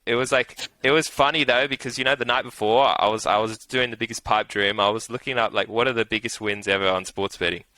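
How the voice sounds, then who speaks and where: Young Australian man, rambling bright voice. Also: medium pitch, fairly even intonation, quick pace, few pauses, no room sound, low-quality recording. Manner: rambling, full of "like" and swearing, laughs often. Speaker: interview guest, punter. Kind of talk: casual storytelling.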